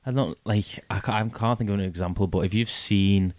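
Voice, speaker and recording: A man's voice: on the low side, brisk, a little mellow, dry recording. A man chatting on a podcast, rambling and searching for words as he explains. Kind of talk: casual chat.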